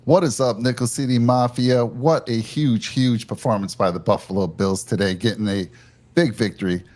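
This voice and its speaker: A man's voice: mid-range voice, fairly even intonation, normal speed, darkish tone. A man hosting a live postgame reaction show, upbeat and leading the talk. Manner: upbeat, leads the discussion. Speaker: podcast host.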